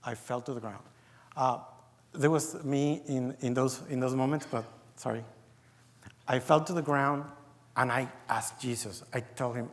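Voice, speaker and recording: A man's voice: medium pitch, fairly even intonation, unhurried. A man from Mexico gives an earnest personal testimony to a conference, acting out his own past dialogue as he tells it. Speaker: business founder giving a testimony. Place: large conference hall. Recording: reverberant conference hall.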